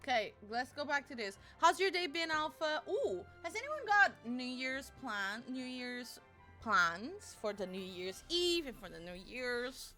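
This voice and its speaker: A woman with a high-pitched, sing-song, unhurried voice that is pushed and bright, with faint music playing in the background. As a live streamer she chats casually with friends and viewers, giggly, playful, and teasing.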